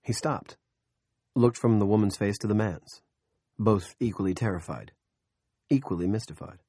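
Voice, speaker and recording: A man's voice: on the low side, normal speed, dark tone, husky, no room sound, studio quality. A man reading scripted audiobook narration in a wry, matter-of-fact way.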